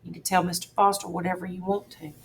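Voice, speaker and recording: A woman's voice: on the low side, level tone, quick pace, vocal fry, slight background noise. A woman reading as a scheming drawling con man. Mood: bossy. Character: middle-aged male con man, scheming and threatening.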